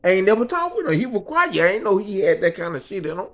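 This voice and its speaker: A man with a notably high voice tells a story from his own life in loose, slangy talk. He swears freely and slips into the voices of the people he describes. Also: quick pace, lo-fi sound. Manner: animated, slangy and profane, acts out quoted voices. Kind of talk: casual personal storytelling.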